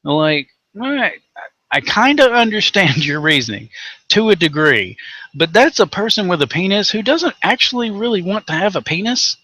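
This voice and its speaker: A man's voice: high-pitched, animated, moderate pace, pushed and bright, no echo. A man from Tennessee with a Southern accent, co-hosting a rant show and delivering angry, sarcastic, profanity-heavy commentary. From Tennessee, USA. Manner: angry, sarcastic, heavy swearing, mocking voices.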